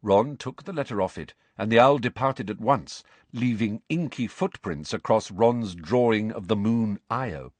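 A man narrating a storybook as an audiobook, in an expressive storytelling way. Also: on the low side, unhurried, few pauses, no echo. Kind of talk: scripted narration.

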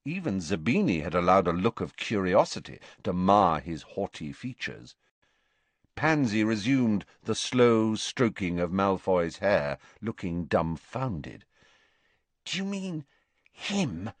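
Deep, animated male audiobook narrator. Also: a little slow, no echo. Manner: expressive, animated storytelling. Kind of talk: scripted narration.

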